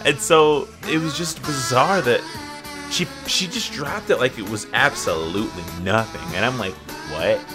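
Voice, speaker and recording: A man hosting a casual gaming podcast, telling stories in a lively way and swearing freely. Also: mid-range voice, moderate pace, music in the background. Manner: animated storytelling, swears freely. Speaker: podcast host and guild recruiter.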